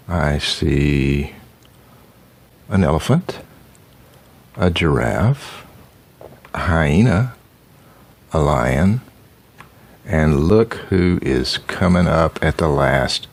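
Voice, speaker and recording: A man's voice: low-pitched, slow pace, gravelly. An older grandfather reading a picture book aloud, stopping to ask the child about the pictures.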